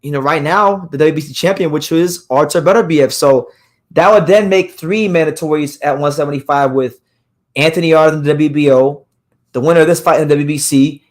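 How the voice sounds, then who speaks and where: Hoarse man rambling through boxing news. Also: fairly high pitch, fairly quick. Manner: casual, rambling with frequent restarts and fillers. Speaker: boxing podcast host. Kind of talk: live boxing news talk show.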